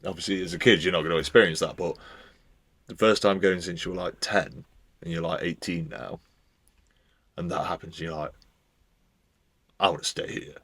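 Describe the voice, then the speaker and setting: A man co-hosting a podcast, telling relaxed, rambling anecdotes full of slang. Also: low voice, fairly quick, no echo. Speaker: podcast co-host. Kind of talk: casual chat.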